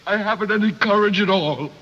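A man's voice: high-pitched, sharp tone, slightly rough, full character voice. An actor playing a timid, cowardly male lion who blubbers and laughs nervously through his lines, in a classic film. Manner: sobbing laughs, comic wailing delivery. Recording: dull old film soundtrack in a big hall.

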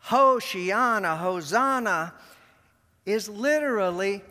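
A man preaching a sermon to his congregation, deliberate and emphatic, repeating key words with long pauses. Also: high voice, lively intonation, fairly bright tone. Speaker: pastor. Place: church sanctuary. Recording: long reverb of a large church.

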